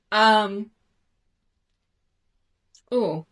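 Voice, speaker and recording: A woman's voice: medium pitch, normal speed, fairly bright tone. Chatty thirty-year-old woman. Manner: chatty and self-conscious, with lots of likes and restarts. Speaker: book vlogger. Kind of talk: casual reading vlog chat.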